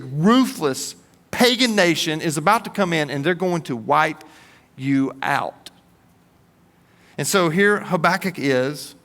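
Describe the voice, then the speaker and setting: A man's voice: a little high, a bit bright, big-room sound. A man preaching a sermon as pastor, earnest and emphatic, often repeating words as he builds a point.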